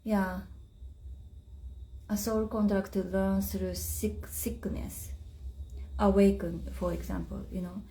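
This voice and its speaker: A woman whose first language is Japanese leads a live spiritual chat in unhurried, halting English. Her voice is mellow and warm, and she pauses often to find the right phrase. She is talking into a phone. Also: medium pitch, little pitch movement, vocal fry. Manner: halting, searching for words in English. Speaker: spiritual teacher.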